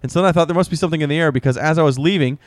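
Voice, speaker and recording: A man's voice: fairly high pitch, very fast, no echo, clean studio sound. Wry, laughing man telling anecdotes. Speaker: podcast co-host. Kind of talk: casual chat.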